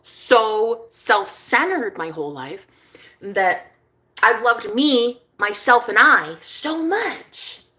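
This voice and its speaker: A young woman talks straight to her viewers in a loose, rambling storytelling chat. Her voice is bright and forward, and her pitch swings widely from low asides to high, excited peaks. She swears casually and often laughs mid-sentence. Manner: chatty and animated, swears freely, quick bursts of laughter. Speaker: vlogger.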